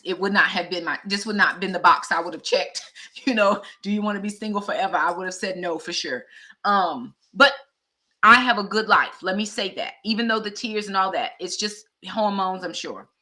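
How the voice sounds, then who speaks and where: Fifties woman, vlogger, bright tone; conversational and heartfelt, speaks straight to her audience. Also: lowish voice. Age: 50s. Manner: heartfelt, conversational, addresses viewers directly. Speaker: vlogger and teacher. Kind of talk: candid personal vlog talk.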